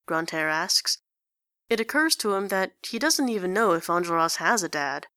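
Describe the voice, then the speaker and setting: Woman reading a story with bright tone. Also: lowish voice, animated, normal speed, no echo, studio quality. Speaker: story reader. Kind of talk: reading fan fiction aloud.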